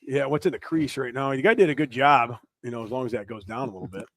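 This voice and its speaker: A man co-hosting a podcast, telling crude, animated stories in a casual chat. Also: medium pitch, fast talker, no echo, clean studio sound. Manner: animated, profane storytelling with laughs. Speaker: podcast co-host.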